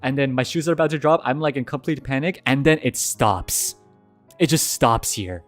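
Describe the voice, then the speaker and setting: A man's voice: moderate pace, dry recording, soft background music. A young man streaming a casual Q&A, telling stories animatedly and answering questions. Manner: animated storytelling, jumps to high yelps when recounting fear. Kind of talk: casual Q&A livestream chat.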